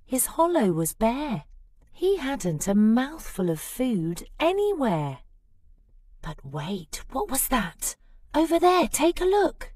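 Woman reading a kids rhyming picture book, slow and bouncy, dry close sound. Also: on the low side, no echo. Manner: lively, expressive rhyming narration. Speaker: storybook reader. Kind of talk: children's storybook read-aloud.

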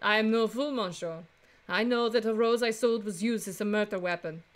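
A woman's voice: medium pitch, normal speed, lightly acted. A woman voicing a poised young French flower-seller bird, with a put-on French accent and a composed, guarded manner.

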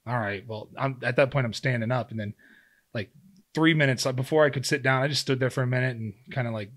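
A fast-talking man in his thirties with a mid-range, fairly bright voice appears as a podcast guest. Formerly a pro football player and now a hunter, he tells a story in casual talk, acting out his own quotes and leaning on fillers.

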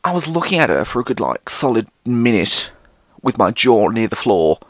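A man's voice: mid-range voice, big pitch swings, normal speed, no room sound. A British man hosting a solo podcast, rambling casually and theatrically, swearing often. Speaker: podcast host.

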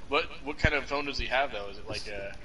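A man with a medium-pitched voice talks fast while co-hosting a live stream in his home basement. He chats casually, laughs a lot and reads out the chat. The recording is rough, with crowd noise in the background.

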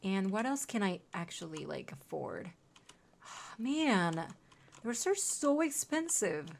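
Young female game streamer, chatty, coos at pets, animated, unhurried delivery. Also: medium pitch, gravelly, slight background noise. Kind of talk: casual gameplay commentary.

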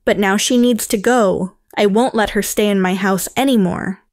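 A woman voicing a yelling, defensive stepmother in a narrated story. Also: mid-range voice, moderate pace, dry recording, clean studio sound, lightly acted. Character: shrill angry middle-aged stepmother.

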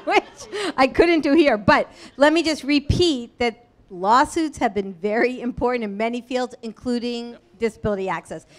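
A woman lawyer addresses a meetup audience in an earnest, conversational way with quick asides. Her voice sits fairly high for a woman. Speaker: disability rights lawyer and speaker. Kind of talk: meetup talk and Q&A answers. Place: meetup room before an audience.

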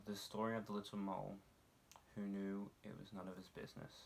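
A young man, a drama student, reading a children's story aloud in an expressive storytelling manner and relishing the sound-effect words. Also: on the low side, fairly quick, creaky, slight background noise. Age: young adult.

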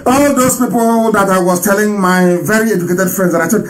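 A middle-aged man from Nigeria speaks in a fairly high voice during a live broadcast. He is scornful and animated, laughing often and swinging between loud outbursts and low muttered asides. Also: fairly quick, hardly any pauses, low-quality recording. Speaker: broadcaster addressing listeners.

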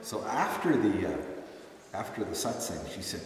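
A man who used to be ashram staff tells a group relaxed, self-mocking stories, with plenty of fillers. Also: low-pitched, fairly quick, slight background noise. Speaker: former ashram staff member leading chanting. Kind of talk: storytelling talk to a group. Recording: echoey hall, distant mic.

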